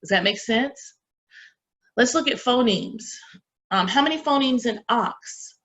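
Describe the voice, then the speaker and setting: A woman's voice: a little high, lively intonation, measured pace, fairly bright tone. A woman professor giving a reading lesson to teacher candidates, asking questions and answering them herself. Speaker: education professor. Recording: dull lo-fi lecture recording.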